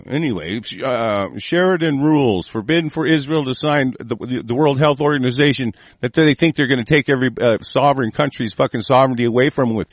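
An American man hosting an online show, delivering a profane, angry political rant that swings from muttering to shouting while sick. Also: medium pitch, expressive, normal speed, no echo. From United States.

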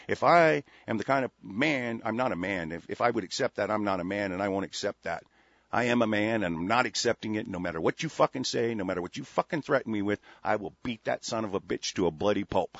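Husky-voiced man ranting on the radio. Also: on the low side, quick pace, fairly bright tone, dry recording, lo-fi sound. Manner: profane, combative ranting. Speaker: radio show host. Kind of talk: heated monologue on internet radio.

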